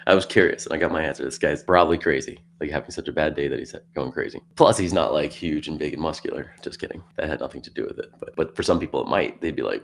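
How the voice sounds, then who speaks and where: A man guest on a podcast, telling a story casually and in an animated way, acting out quotes and clearing his throat now and then. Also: rumbling low, fast.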